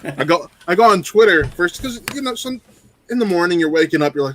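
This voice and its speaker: A man co-hosting a casual podcast, telling stories in an excitable way. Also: high voice, a little fast, a little hiss or hum. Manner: excitable storyteller.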